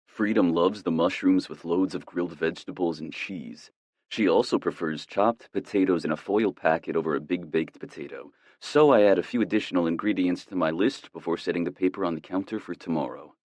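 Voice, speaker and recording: Calm, tender male narrator for a romance audiobook, deep-voiced and recorded dry. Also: brisk, no echo. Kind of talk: first-person romance narration.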